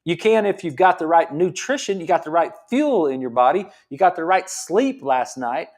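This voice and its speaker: Fired-up man, high voice. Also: moderate pace. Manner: excited, repeats himself, uses football coaching comparisons. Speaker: chiropractor and health coach. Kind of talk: fired-up motivational health talk. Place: his gym.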